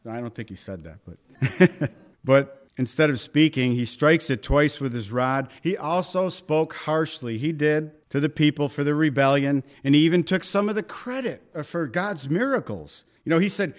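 A man's voice: a little high, animated, normal speed. A middle-aged man preaches a conversational sermon, working through scripture verse by verse. His delivery is emphatic and he acts out the quotes, his voice rising and falling as he goes. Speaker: pastor. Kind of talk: expository sermon.

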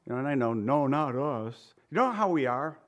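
A pastor preaching a sermon, reading scripture in old-fashioned wording and asking the congregation conversational questions. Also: male voice, mid-range voice, lively intonation, moderate pace, highs cut off.

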